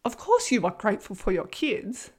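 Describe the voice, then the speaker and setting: An Australian woman hosting her own podcast, talking in a chatty, earnest way, animated and swearing freely. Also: medium pitch, normal speed, breathy edge. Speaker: podcast host and manifestation coach. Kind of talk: casual solo podcast talk.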